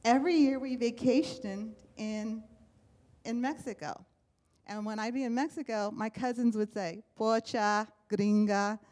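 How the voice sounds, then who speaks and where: A woman's voice: a little high, normal speed. A middle-aged woman from the United States telling her personal life story to a live audience, acting out the voices of people she quotes. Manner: animated, acts out quoted voices. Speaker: speaker at a storytelling event.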